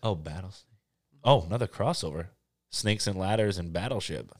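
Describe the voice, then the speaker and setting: A man's voice: sits low, normal speed. A man hosting a casual comedy podcast, joking around, laughing often and breaking into silly sung bits. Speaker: podcast host.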